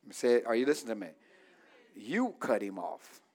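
A man preaching to a church congregation, calling for responses and rising into shouts. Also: medium pitch, big pitch swings, fairly quick. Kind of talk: sermon.

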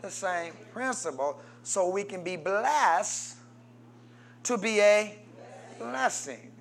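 Preaching slowly in a creaky voice, this man leads his congregation as pastor and invites them to answer back. His delivery alternates between forceful shouts and soft, murmured remarks.

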